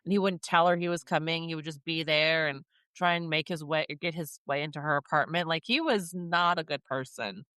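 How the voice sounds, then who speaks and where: A woman co-hosting a casual book podcast, talking through a plot with expressive reactions and acted-out quotes. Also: deep voice, brisk, few pauses, smooth, no echo. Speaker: podcast co-host.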